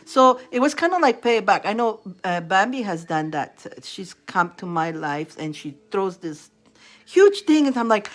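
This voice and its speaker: A woman's voice: medium pitch, normal speed. A woman tarot reader chatting casually to her livestream viewers, telling stories with lots of laughter and acted-out quotes. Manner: animated storytelling, laughs often, acts out quotes. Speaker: tarot reader hosting a live stream.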